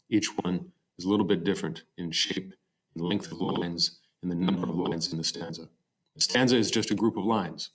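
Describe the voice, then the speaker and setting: A man with a deep, low-pitched voice narrates a slide-show lesson on poetry. He explains terms patiently, pausing with fillers and correcting himself now and then. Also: fairly bright tone, slight background noise. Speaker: teacher. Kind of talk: recorded slide-show lecture.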